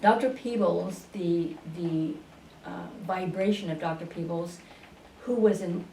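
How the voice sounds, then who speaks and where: Woman guest, lowish voice, roomy and distant studio sound, faint hiss. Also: vocal fry, dark tone. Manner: unhurried, with frequent fillers and restarts. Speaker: interview guest, spiritual channeler. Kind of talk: storytelling in a radio interview.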